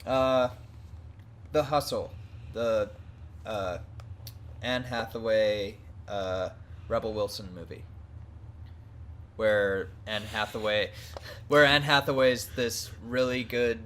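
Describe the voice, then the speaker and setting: A man co-hosting a podcast, speaking in relaxed casual chat and hesitating often with fillers. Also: lowish voice, takes it slowly, pauses often, slight background noise. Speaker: podcast co-host.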